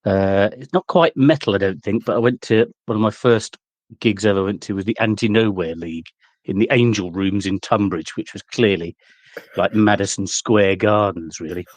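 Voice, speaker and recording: Deadpan English man, dry low voice. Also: normal speed, dry recording. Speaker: podcast guest. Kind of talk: casual chat.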